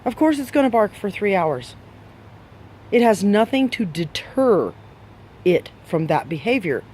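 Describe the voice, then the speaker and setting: High-voiced man lecturing dog owners. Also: big pitch swings, unhurried, a little mellow, slightly rough. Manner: emphatic, scolding, full of rhetorical questions. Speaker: dog trainer. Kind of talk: direct advice talk to dog owners.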